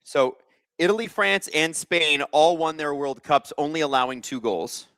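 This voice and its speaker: A man's voice: a little high, normal speed, fairly bright tone, no room sound. A young man hosting a live watch-along stream, chatting casually and reading out viewer comments with jokes. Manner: chatty, reads viewer comments aloud, joking. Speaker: livestream host.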